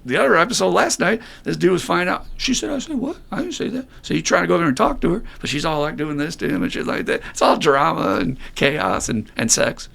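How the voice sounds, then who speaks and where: A man's voice: fast talker, creaky, hardly any pauses. A middle-aged man co-hosting a podcast, talking bluntly with plenty of swearing and acting out the voices of the people he describes. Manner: blunt, profane, animated storytelling; acts out quoted voices in a raised pitch. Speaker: podcast co-host. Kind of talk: casual podcast talk.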